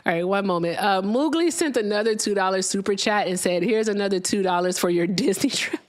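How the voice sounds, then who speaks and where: A woman's voice: medium pitch, fairly quick. Woman, livestream host, casual call-in chat, brash, teasing. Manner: brash, teasing, laughs often.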